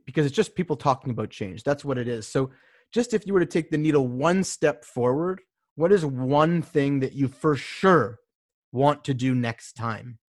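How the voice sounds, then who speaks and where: A man's voice: on the high side, no echo, clean studio sound. A man coaching a client in a casual conversation, talking thoughtfully with many restarts and fillers.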